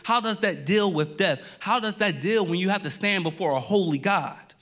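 A male pastor delivering a sermon in an earnest, emphatic way. His voice sits a little above the usual male pitch. He repeats key lines and sometimes stumbles into a quick restart. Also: a bit bright.

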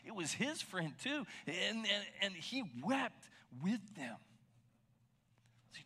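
A male pastor preaching with a bright, forceful tone and a slightly higher pitch than most men. He talks in a loose, conversational way, full of asides. He sinks to a hushed near whisper to land key points. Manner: conversational, animated, drops to a near whisper for emphasis. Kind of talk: sermon.

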